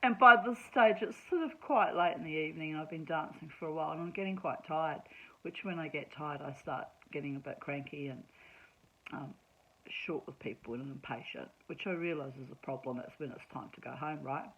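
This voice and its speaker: A woman's voice: deep voice, a little fast, pushed and bright, slightly rough, dull audio. A woman telling a personal story in a casual monologue, chatty and sarcastic, laughing often. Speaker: vlogger.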